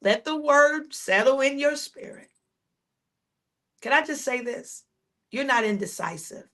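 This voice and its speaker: A woman preaching a sermon as a podcast host, with repeated refrains and direct questions to her listeners, moving between quick storytelling and slow, drawn-out declarations. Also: sits high, expressive, a bit bright.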